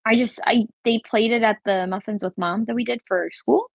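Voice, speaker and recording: A woman's voice: on the high side, steady tone, moderate pace, creaky, dry recording. A woman in her thirties co-hosting a podcast, wry and self-deprecating, often restarting her sentences. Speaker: podcast co-host. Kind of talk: casual chat.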